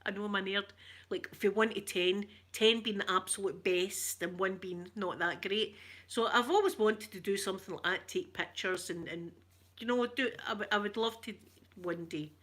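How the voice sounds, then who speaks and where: A woman with a broad Glaswegian accent hosts a casual chat with her viewers. Her voice is bright and sharp, and she wanders from story to story with easy, self-mocking laughs. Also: mid-range voice, moderate pace. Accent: Glaswegian Scottish. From Glasgow, Scotland. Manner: rambling and chatty, laughs often, self-mocking. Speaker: ASMR channel host reading viewer comments.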